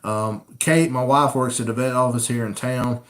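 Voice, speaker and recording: A man's voice: medium pitch, fairly even intonation, moderate pace, fairly bright tone. A man hosting a casual live-stream Q&A, chatting easily and reading viewer comments aloud. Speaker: coon hunting channel host. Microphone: camera rig mic.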